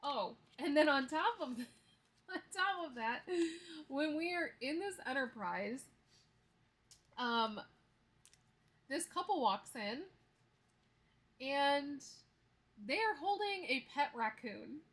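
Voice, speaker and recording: A budgeting vlogger in her thirties counts cash on camera, chatting casually, telling stories and laughing easily as she counts the bills aloud. Her voice sits high and fairly bright, with lively intonation, a slow pace and frequent pauses.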